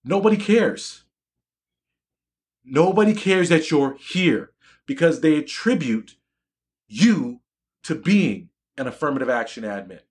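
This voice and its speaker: A man's voice: fairly high pitch, expressive, a little slow. A man, an educator and physician, giving an emphatic live-streamed talk to his students, often repeating phrases.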